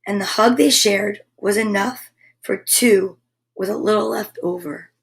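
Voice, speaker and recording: A woman reading a picture book aloud to children, expressive, with exclaimed asides. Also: medium pitch, measured pace, a little hiss or hum. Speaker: children's storyteller.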